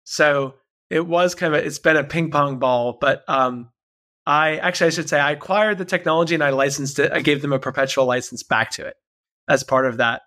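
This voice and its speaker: A man talking as a podcast guest, telling a convoluted business story quickly and animatedly, with many restarts. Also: a little high, bright, forceful tone. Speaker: podcast guest, tech company founder. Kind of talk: casual interview chat.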